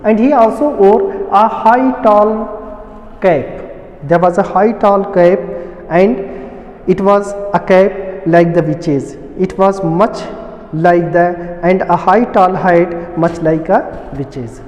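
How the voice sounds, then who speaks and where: A man's voice: high voice, takes it slowly, darkish tone, dull audio. A man teaching school students, explaining a story line by line, repeating and rephrasing each sentence. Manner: repeats and rephrases lines, glosses words in Hindi. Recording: echoey room with long reverb.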